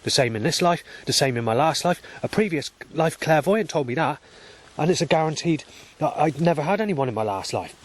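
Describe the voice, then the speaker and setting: A man's voice: a little high, lively intonation, fairly quick. A man vlogging on a walk outdoors by a road, talking in a rambling, agitated and profane monologue.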